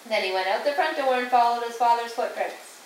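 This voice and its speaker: Woman reading aloud, echoey room. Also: on the high side. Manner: slow, patient storytelling with sound effects. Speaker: parent reading to a small child. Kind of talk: reading a picture book aloud. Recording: echoey room, distant mic, faint hiss.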